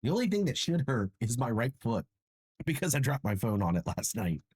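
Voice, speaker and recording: Chatting with his livestream viewers, a worn-out, achy young host pokes fun at himself and laughs a lot. He talks briskly in a mid-range, sing-song voice that is a little mellow and breathy. The clean studio recording has no room sound.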